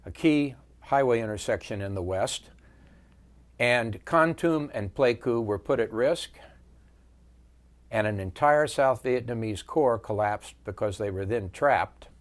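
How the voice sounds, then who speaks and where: In an interview, a veteran in his seventies recounts his wartime memories, telling the story in a measured way with frequent pauses. His voice is medium in pitch.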